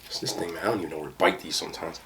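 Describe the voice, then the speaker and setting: A young man with a deep voice and fairly bright tone races through his words, with a little hiss or hum in the audio. He's a food vlogger casually chatting in a cooking and mukbang vlog, slangy and full of asides, calling viewers y'all and bro.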